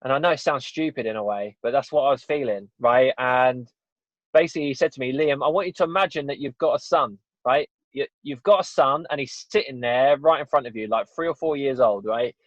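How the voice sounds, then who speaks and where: A medium-pitched, fairly quick voice belongs to an English podcast guest recounting a personal story in a casual interview. He is earnest but rambling, saying "you know" and "right?" often, and the podcast audio is dull and dry with no echo.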